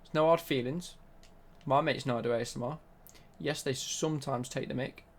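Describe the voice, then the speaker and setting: A young man talks through a gaming live stream, his voice carrying a gravelly, creaky edge. He banters loosely with his chat, reading out questions and firing back answers in a mid-range pitch. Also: normal speed.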